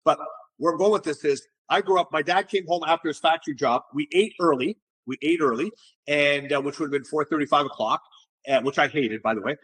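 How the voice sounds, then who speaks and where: A middle-aged man, an entrepreneur being interviewed, telling stories in a casual, animated way and often repeating words as he restarts. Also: on the high side, fairly quick, husky. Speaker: entrepreneur guest.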